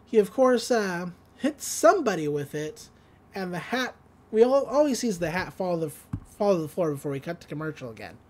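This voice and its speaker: A woman hosting a podcast, recapping an episode in a casual, rambling way with many fillers and quick laughs. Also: lowish voice, sing-song, a little mellow. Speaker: podcast host.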